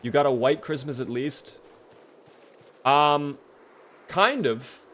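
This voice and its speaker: Male streamer, mid-pitched, chatty running commentary with sudden outbursts, faint ambience behind. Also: slow pace, slight background noise. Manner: chatty, talks to chat, bursts of excitement. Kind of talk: live game commentary.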